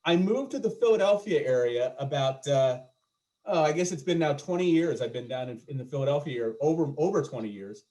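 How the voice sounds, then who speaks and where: A man's voice: fairly high pitch, lively intonation, fairly quick, warm tone. A man doing a stand-up comedy set over a video call, chatting and joking with his audience in a self-deprecating way.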